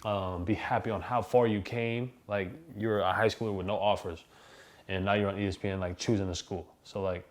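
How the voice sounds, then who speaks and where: A young man speaks in a relaxed, casual way, with lots of filler words. His voice is on the low side. He is sitting for a documentary interview. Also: brisk. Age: young adult. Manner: casual, heavy use of "like". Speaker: college football player.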